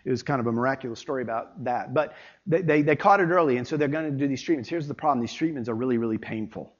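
A pastor preaching a sermon with emphatic delivery, rising loud then dropping low. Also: male voice, quick pace. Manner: emphatic preaching, swinging between loud and quiet. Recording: dull lo-fi sermon recording.

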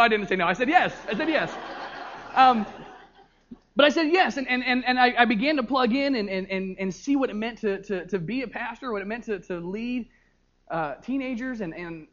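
A young man, a youth pastor, preaching a sermon and telling stories with lively energy, often repeating words as he goes. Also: high-pitched, highs cut off. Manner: animated storytelling with frequent repeated words.

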